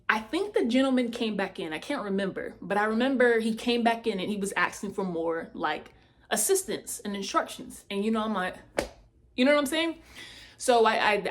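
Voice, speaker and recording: A woman telling a personal testimony in a casual, animated way, speaking straight to her listeners. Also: mid-range voice.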